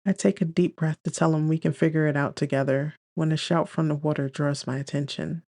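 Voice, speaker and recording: A woman's voice: low-pitched, steady tone, brisk, warm tone, dry recording, studio quality. A woman narrating a first-person romance audiobook in a wry, dreamy inner-monologue manner.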